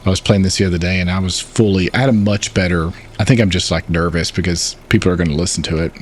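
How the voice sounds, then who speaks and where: Man, Southern US accent, low voice; easygoing, self-deprecating gaming commentary. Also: fairly even intonation, quick pace, slight background noise. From Arkansas. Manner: chatty, explains controls, self-deprecating. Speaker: gaming channel host. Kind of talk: casual let's play commentary.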